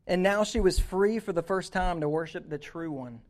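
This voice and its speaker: A man preaching a sermon, telling a story that moves from hushed passages to loud, urgent ones. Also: sits high, moderate pace. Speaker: youth pastor.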